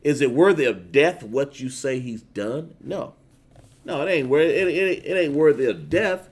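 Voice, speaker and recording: Emphatic man preaching with a lively pitch. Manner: emphatic, drawn-out stresses, chats with viewers between verses. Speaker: livestream preacher. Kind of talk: sermon with scripture reading. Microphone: phone.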